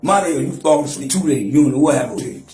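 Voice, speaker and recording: A man's voice: mid-range voice, animated, quick pace, a little mellow, roomy sound, soft background music. A man in his forties trash-talking and taunting on a profane livestream rant, mock-rapping at times. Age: 40s.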